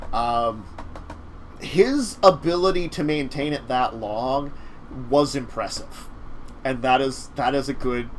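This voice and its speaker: Here a medium-pitched man hosts a laid-back talk show, chatting his way through a game master's game recap. His delivery wanders and stalls, full of fillers and restarts, and there's a slight hiss or hum.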